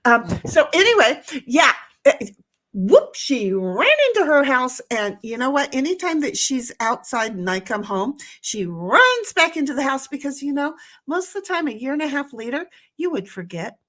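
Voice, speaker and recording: A woman co-hosting a live stream, telling stories in a blunt, profane, animated way from home. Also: sits high, moderate pace. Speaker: co-host of a live-stream talk show. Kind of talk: casual chat, storytelling. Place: home, at a computer.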